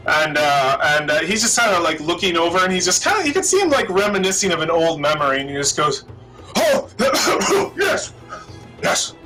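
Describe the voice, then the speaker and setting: A man's voice: a little high, sing-song, quick pace, few pauses, music in the background, rough recording. A man narrating as game master of a tabletop game, casual and chatty, often laughing.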